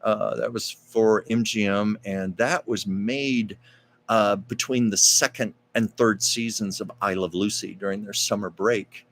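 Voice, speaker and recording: A man's voice: lowish voice, steady tone, unhurried, a bit bright. A man hosting a live stream, telling stories in a chatty, rambling way and reading out viewer comments. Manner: chatty, rambling, with frequent fillers and asides.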